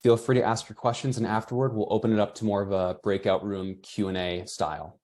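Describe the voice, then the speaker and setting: Chatty low-voiced man hosting a webinar. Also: steady tone, brisk, darkish tone. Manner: chatty, reads out attendee comments. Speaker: webinar host and moderator.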